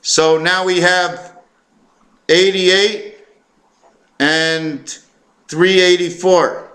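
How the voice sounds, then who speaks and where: A man with a fairly high-pitched voice talks straight to the viewer in a rambling, self-interrupting monologue. He stumbles over words, fills pauses with "uh" and "um", and reels off long chains of numbers at a hurried clip. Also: steady tone, fairly bright tone. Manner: hesitant, stumbling, full of fillers and self-corrections; fast, run-on counting and reciting of numbers. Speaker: vlogger. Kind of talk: rambling numerology monologue to camera.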